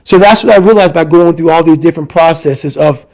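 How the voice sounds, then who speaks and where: A man with a fairly high voice for his sex tells a hard personal story in conversation. He is emphatic and intense, repeating lines to drive each point home, and he speaks as a podcast guest. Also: brisk, darkish tone, poor audio.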